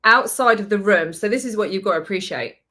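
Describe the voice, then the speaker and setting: A woman hosting a podcast, telling a story in a lively, chatty way, swearing and acting out what people said. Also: medium pitch, quick pace. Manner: animated storytelling, swears, acts out quotes. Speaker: podcast host. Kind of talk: casual chat.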